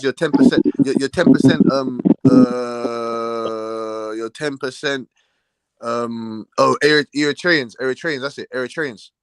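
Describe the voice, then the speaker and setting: A young man with a London accent, hosting a casual livestream chat, full of slang, sudden loud exclamations and laughter. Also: mid-range voice, dry recording. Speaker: livestream host.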